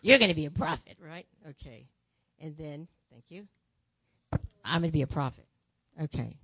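A woman speaking in church, telling her testimony as a lively story with repeated phrases. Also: low voice, moderate pace, husky, dry recording. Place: church sanctuary.

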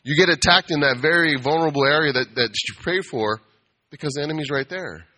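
Man, casual sermon, bright voice, conversational, playful. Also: fairly high pitch, fairly quick. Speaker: preacher.

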